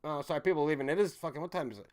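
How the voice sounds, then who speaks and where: A man hosting a live stream, ranting in a heated, profane way that swings between shouting and muttering. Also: fairly high pitch, racing.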